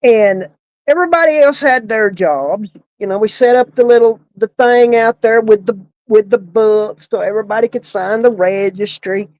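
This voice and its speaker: High-voiced woman laughing through a story. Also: moderate pace, a little mellow, no room sound, rough recording. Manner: laughing often while telling the story. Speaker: funeral home worker. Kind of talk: casual comic storytelling.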